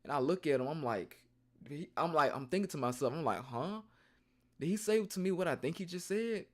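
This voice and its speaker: A young man streaming, telling a rambling story in a casual, slangy and animated way. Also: fairly high pitch, fast.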